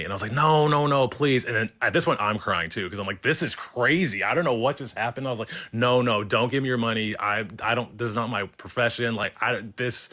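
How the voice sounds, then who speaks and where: A man telling a personal ghost story in a casual, chatty way, full of fillers and restarts, acting out what others said. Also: fairly low pitch. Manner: animated, quotes people in changing voices. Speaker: caller.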